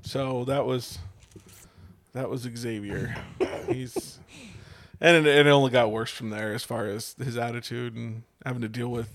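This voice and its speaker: A man's voice: medium pitch, fairly even intonation, a little slow, no echo. A man in his thirties, a podcast co-host, chatting casually and swearing freely as he tells stories. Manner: profane, laid-back storytelling. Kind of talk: casual chat.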